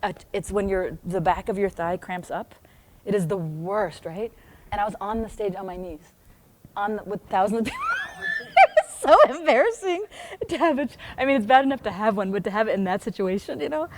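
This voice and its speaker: Animated American woman reading her story aloud. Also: mid-range voice, brisk. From United States. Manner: animated, laughs often, breaks off into chatty tangents. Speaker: book club host reading her own book aloud. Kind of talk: reading aloud with casual asides.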